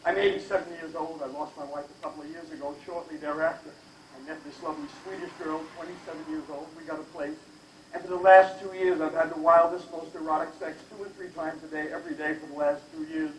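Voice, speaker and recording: A man's voice: fairly high pitch, steady tone, fast, a little hiss or hum, lightly acted. An older man voicing a mournful, confused old man in his eighties who sobs as he tells his story, in a stand-up comedy routine. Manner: sobbing, mournful. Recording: echoey live hall from far off.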